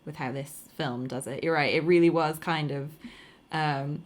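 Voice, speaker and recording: Woman w a lowish voice, easygoing and thoughtful, podcast chat. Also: fairly even intonation, moderate pace. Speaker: podcast co-host. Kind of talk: casual chat.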